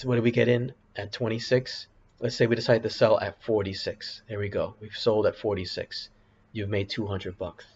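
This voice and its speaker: A low-voiced man who hosts options trading videos rambles through casual screen-share commentary over trading charts, correcting himself and adding apologetic asides. The recording sounds dull and lo-fi, with faint background hiss.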